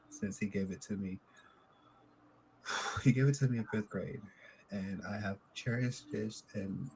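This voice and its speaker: A man, a contestant, telling a personal story in a halting, soft-spoken way with many pauses. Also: on the low side, slight background noise, poor audio.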